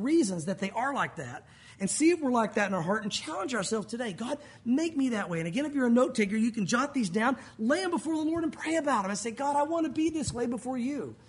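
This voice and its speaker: A man preaching a sermon as pastor to his congregation, lively and conversational, acting out the voices of people he quotes. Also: very high voice, breathy edge.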